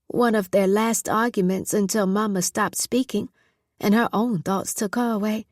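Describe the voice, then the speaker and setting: A woman narrating an audiobook in a measured, steady storytelling voice. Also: mid-range voice, no room sound, studio quality. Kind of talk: scripted narration.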